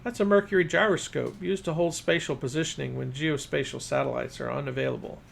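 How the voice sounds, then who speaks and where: A man's voice: a little high, steady tone, fairly quick, gravelly, slight background noise. A man voicing a formal, brainy new boy who talks about science with precise wording.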